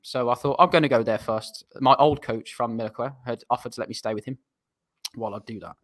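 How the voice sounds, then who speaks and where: A man's voice: mid-range voice, a little fast, fairly bright tone. A young English man, a footballer guest, telling a long rambling anecdote in a casual, self-deprecating way. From England. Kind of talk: casual storytelling.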